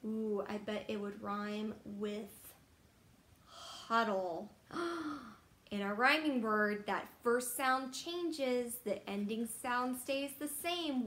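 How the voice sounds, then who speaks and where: Slow, playful woman reading a picture book aloud. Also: a little high. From Texas. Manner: playful and animated, pauses for kids to guess, hushed asides. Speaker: teacher reading to children. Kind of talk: children's read-aloud storytime. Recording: roomy echo.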